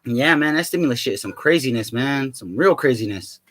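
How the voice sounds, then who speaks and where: A man's voice: medium pitch, lively intonation, fairly quick, fairly bright tone. A man rambling casually in a vlog, swearing a lot, tacking "man" onto his lines and laughing often. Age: adult with a child. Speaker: vlogger.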